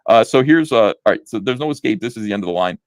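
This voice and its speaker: A sarcastic man tears into a comic with a lively, swinging pitch. His voice is close and dry, with no room around it. He sounds incredulous at every line he reads. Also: fast talker, no echo. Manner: sarcastic, incredulous, laughs at the text. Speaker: comic book reviewer. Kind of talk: mocking read-through review.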